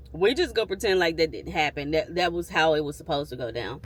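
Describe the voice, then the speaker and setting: A woman's voice: low voice, animated, fast, hardly any pauses. A woman, talking candidly and emphatically to viewers from her parked car. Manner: candid venting, frank and emphatic. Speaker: vlogger. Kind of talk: casual vlog chat.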